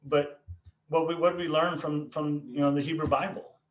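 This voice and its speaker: A man's voice: on the high side, flat delivery, moderate pace, slight background noise. A man, a pastor hosting a conversation, tells a personal story earnestly and restarts his words often. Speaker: pastor and podcast host. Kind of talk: personal testimony in casual conversation. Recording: echoey room.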